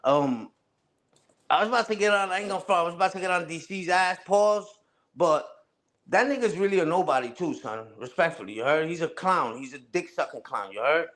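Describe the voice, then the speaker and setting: On his livestream, a young man with a fairly high, fairly bright voice launches into a loose, profane rant, sounding expressive and brisk as he jabs at other streamers. He keeps returning to tags like "you heard?" and "respectfully," and his family on his mother's side is Puerto Rican.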